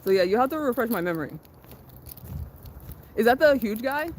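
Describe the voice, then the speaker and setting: A woman's voice: a little high, expressive, brisk, rough recording. A young woman live-streaming while she walks outdoors in the sun, chatting casually with her viewers on her phone. She curses a lot, laughs often and reads the chat aloud. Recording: loud outdoor background noise. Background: loud outdoor noise.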